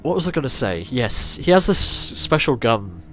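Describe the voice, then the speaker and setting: A man's voice: mid-range voice, moderate pace. A man giving casual, rambling commentary while playing a video game, swearing often. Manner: chatty, rambling, lively swearing. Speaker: let's play host. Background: game music.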